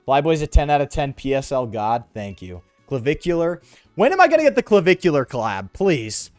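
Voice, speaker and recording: A man's voice: on the high side, very animated, brisk, a little mellow, no echo, faint music behind. A young man streaming a game, rambling sarcastically with his chat in slangy, offhand talk. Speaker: gaming streamer. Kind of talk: casual let's-play commentary with chat.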